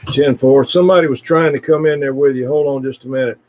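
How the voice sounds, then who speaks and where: Man running a CB radio net, mid-pitched, halting and filler-heavy. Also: fairly even intonation, very noisy. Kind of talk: casual radio net chatter.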